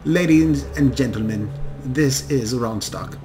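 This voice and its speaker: A man's voice: mid-range voice, slow pace, over music, lightly acted. A man doing an icy wealthy patriarch. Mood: presiding. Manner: clipped, formal, commanding. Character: cold, imperious wealthy older father.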